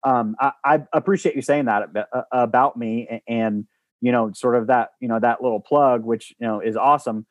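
Podcast guest: a man, mid-pitch, earnest and rambling, dry close mic. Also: steady tone, normal speed, dry recording. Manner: earnest, rambling with many restarts and fillers. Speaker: guest, former baseball coach. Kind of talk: podcast conversation.

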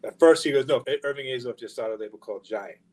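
A man's voice: medium pitch, fast talker, rough recording. Profane New man telling stories. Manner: profane, animated anecdote-telling with quoted dialogue. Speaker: guest, record label founder. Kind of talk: casual storytelling interview.

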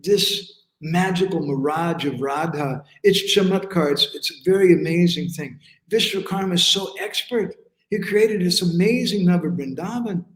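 A man telling a devotional story, often checking in with the listeners and chanting verses slowly. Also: high voice. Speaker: spiritual teacher. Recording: echoey room.

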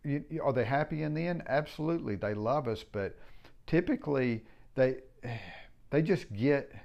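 A man's voice: medium pitch, expressive, normal speed, vocal fry, darkish tone, muffled recording. A middle-aged man who runs a home building company talks casually and reflectively in a rambling, frank way and swears now and then. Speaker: home builder, business owner.

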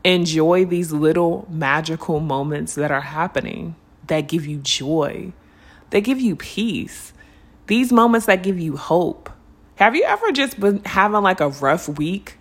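A woman with a slightly low voice hosts a reflective spiritual podcast, addressing her listeners casually. She talks in an earnest, conversational way and draws out her words when she urges them to slow down. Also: sing-song. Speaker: podcast host.

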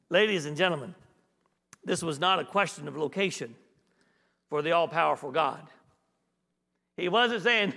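High, bright-voiced male preacher in a reverberant hall. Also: expressive, a little slow, vocal fry, pauses often. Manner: repeats key phrases for emphasis; conversational, asks the congregation questions. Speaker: guest pastor. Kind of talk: sermon.

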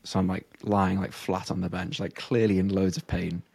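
A man's voice: deep voice, flat delivery, moderate pace, gravelly, darkish tone, slightly rough. A young man co-hosting a casual podcast chat, telling stories with lots of fillers and laughs. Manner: chatty storytelling, frequent "like" fillers and laughs. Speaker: podcast co-host, powerlifter.

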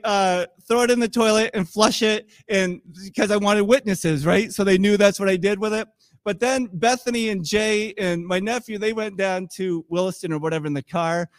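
Male pastor, middle-aged, chatty sermon storyteller, higher voice, dry close sound. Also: no echo. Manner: conversational, animated storytelling with quoted voices.

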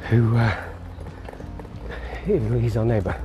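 A man's voice: medium pitch, expressive, slow, lo-fi sound, over music. A man walking his dog outdoors, thinking aloud in a rambling, musing monologue with restarts and chuckles. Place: outdoors on a street walk.

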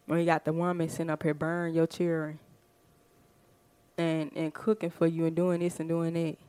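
A woman's voice: deep voice, monotone, normal speed, dark tone, clean tone, no room sound. A woman hosting a podcast, talking in a fired-up, emphatic casual monologue full of rhetorical questions. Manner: fired-up, emphatic, frequent "you know what I'm saying". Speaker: podcast host.

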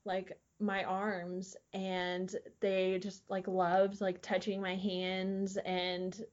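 A woman's voice: medium pitch, monotone, extremely slow, muffled recording. A young woman, a podcast guest telling stories in casual chat, full of fillers and laughter. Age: young adult. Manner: rambling, filler-heavy, laughs often. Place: air-conditioned recording room. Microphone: studio microphone.

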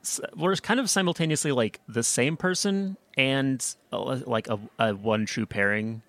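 A young man from the States chats casually as a podcast host, rambling through fillers and restarts. His voice sits at an ordinary pitch, recorded close and dry with no room sound. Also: normal speed, a bit bright, dry recording. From United States. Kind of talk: casual chat.

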